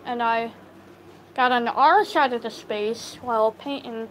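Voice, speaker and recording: Woman, high voice, slow unhurried pace, halting casual storytelling, lots of fillers, phone mic. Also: fairly even intonation, slight background noise, rough recording. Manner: halting, many fillers and restarts. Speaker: livestream storyteller. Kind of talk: casual spoken storytelling to live viewers.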